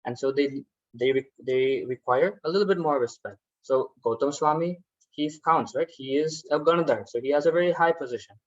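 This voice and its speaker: A man's voice: mid-range voice, no room sound, muffled recording. A man leading a workshop, patiently explaining a ritual step by step and often checking in with "right?". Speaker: workshop instructor. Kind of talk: guided ritual instruction.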